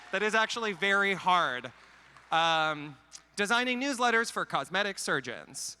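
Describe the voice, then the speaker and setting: A Canadian man with a high, bright, forceful and smooth voice delivers a comedic conference talk into a handheld mic in a large hall. He's wry and self-deprecating, firing off quick jokes at his own expense.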